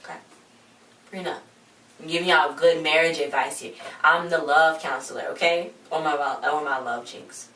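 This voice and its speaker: A woman's voice: low-pitched, steady tone, moderate pace, fairly bright tone. A young woman chatting casually as a vlogger, recapping a TV episode in a rambling, slangy way and quoting the characters as she goes. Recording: echoey room, mic at a distance.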